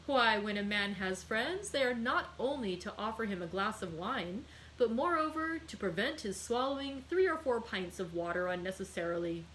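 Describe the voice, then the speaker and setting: A woman's voice: mid-range voice, lively intonation, moderate pace, hardly any pauses, fairly bright tone, slight background noise, natural voice, rough recording. A woman reading aloud and voicing a jovial, half-drunk man who teases his friend in a raised, mocking voice. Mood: teasing.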